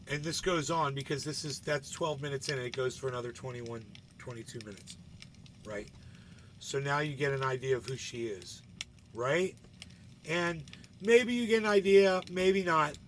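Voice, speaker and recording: A man's voice: mid-range voice, a bit bright, slight background noise. A man hosting a casual live show, rambling and swearing as he comments, often tagging his sentences with a questioning "right?" to his chat. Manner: rambling, profane, keeps asking "right?". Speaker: livestream host.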